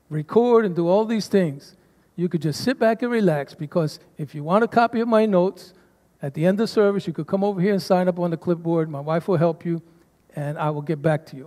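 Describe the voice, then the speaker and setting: A man's voice: high voice, darkish tone. A man preaching a sermon as pastor to his congregation, calling for responses from them. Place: church sanctuary. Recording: long church reverb.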